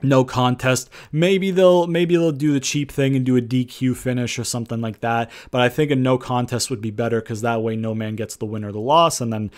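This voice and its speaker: A man's voice: mid-range voice, fairly even intonation, fairly quick, hardly any pauses. A man giving a casual, rambling spoken commentary as a wrestling predictions vlogger, blunt and profane, with sarcastic jabs and frequent restarts.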